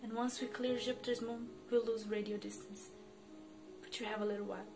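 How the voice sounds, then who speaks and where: A woman voicing a calm man in a read-aloud story, soft and imploring, with soft music behind. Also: a little high, fairly quick, creaky. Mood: gentle. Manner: soft, gentle, apologetic.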